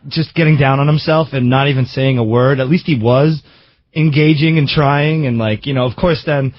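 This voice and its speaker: A man's voice: mid-range voice, steady tone, normal speed. A man on a radio talk show telling a story, rambling and hesitant, full of "I mean.". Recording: dull radio broadcast.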